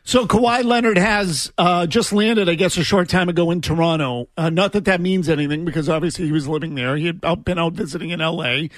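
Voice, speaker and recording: Teasing high-voiced radio host, man. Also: brisk, hardly any pauses, dry recording. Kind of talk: sports talk radio. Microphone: studio mic.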